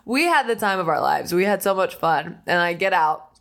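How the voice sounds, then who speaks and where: A woman co-hosting a podcast, telling lively stories in casual chat, laughing often and acting out quotes. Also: fairly low pitch, moderate pace. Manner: animated storyteller, laughs often, acts out quotes. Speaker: podcast co-host.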